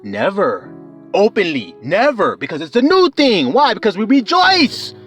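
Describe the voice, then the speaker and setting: A high-pitched male preacher with wildly lively swings of pitch, preaching with fervor. He calls out to his listeners, whoops and shouts. Faint music plays underneath. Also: normal speed. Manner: fervent, call-and-response preaching with whoops and shouts. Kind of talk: sermon.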